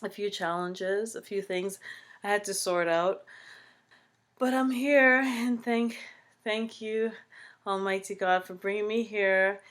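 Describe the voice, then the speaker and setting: A young woman with a Caribbean English accent chatting to her viewers in a personal vlog, expressive and swinging from loud to soft whispery asides. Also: mid-range voice, slow pace. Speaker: vlogger. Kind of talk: casual personal storytime vlog.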